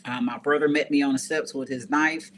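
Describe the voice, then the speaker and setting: A woman's voice: very deep voice, steady tone, fairly quick, slight background noise. A woman guest telling a personal story in a casual, earnest way, often repeating phrases for emphasis. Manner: conversational, with frequent fillers.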